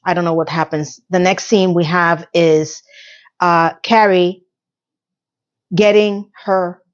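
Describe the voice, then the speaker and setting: Sarcastic chatty woman vlogger. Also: lowish voice. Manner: sarcastic, chatty, occasional cursing. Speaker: TV recap vlogger. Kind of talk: casual recap monologue. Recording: slightly muffled lo-fi audio.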